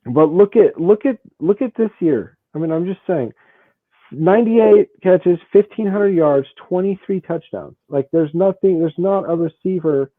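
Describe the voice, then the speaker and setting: A man co-hosting a sports podcast, rattling off numbers fast and repeating his words as he argues. His voice sits a little high. The sound is dry and tinny, like a phone line. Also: expressive, no room sound. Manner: talks fast, repeats words, stacks stats. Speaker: podcast co-host. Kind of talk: casual sports debate.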